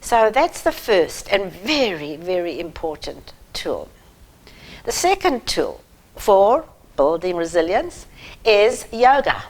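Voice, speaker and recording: A woman talks to parents in an earnest, emphatic way. She speaks slowly and deliberately, and her voice sits a little low. Her tone is that of a parenting advisor giving advice straight to camera. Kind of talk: direct-to-camera advice talk.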